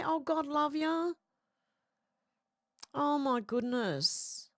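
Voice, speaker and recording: A woman's voice: medium pitch, sing-song, unhurried, no room sound, clean studio sound. A woman hosting a casual livestream, reading viewer comments aloud and chatting back with frank, swearing banter. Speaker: show host reading live chat.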